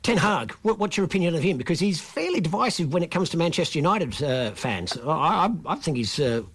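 Australian male radio host, slightly high voice, chatty and self-deprecating, trips over words. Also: big pitch swings, fairly quick, a bit bright, slightly rough. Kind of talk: casual radio chat. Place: community radio studio.

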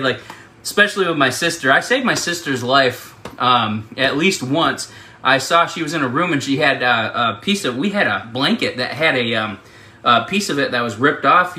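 A man's voice: medium pitch, sharp tone, slight background noise. A man leading a ministry, telling a funny childhood story with laughs and fillers, then making a donation appeal. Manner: chatty, laughs often, many fillers. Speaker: ministry leader.

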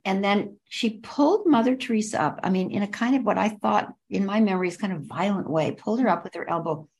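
A woman's voice: mid-range voice, darkish tone. An older woman, a podcast guest, telling a personal story in vivid detail and stretching out her emphatic words. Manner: vivid, repetitive description with drawn-out emphasis.

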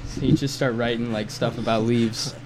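A man's voice: mid-range voice, fairly even intonation, moderate pace, poor audio. A young man who is a guest on a podcast, joking and self-deprecating in casual chat. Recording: loud background noise.

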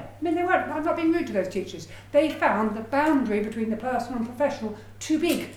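A woman giving a lively, chatty lecture on her research, with personal asides. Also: sits high, quick pace, hardly any pauses, echoey room, slight background noise. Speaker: education researcher giving a talk. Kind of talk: lecture presentation.

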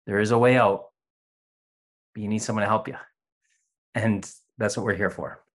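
A man speaking candidly in a video call interview, earnest and halting with many restarts, sometimes acting out voices as he tells a story. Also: fairly low pitch, fairly even intonation. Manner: acts out voices in a parable. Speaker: interview guest. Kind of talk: candid conversation about recovery.

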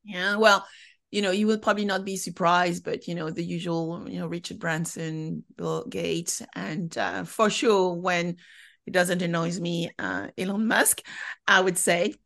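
A woman from France with a French accent, a company founder telling stories as a podcast guest in a lively, chatty way. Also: fairly low pitch, unhurried, gravelly. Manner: animated, chatty storyteller. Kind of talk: conversational interview.

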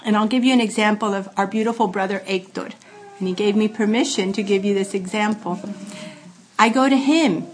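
A woman giving an earnest Catholic faith teaching to a gathering, building at times to loud, laughing emphasis. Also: medium pitch, a little hiss or hum. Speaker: Catholic lay speaker giving spiritual accompaniment.

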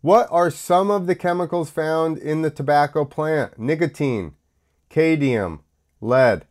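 Host, American man, unhurried and rambling, sick with a cough. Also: on the high side. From United States. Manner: rambling, with many fillers and restarts. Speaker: podcast host. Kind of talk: casual solo talk show.

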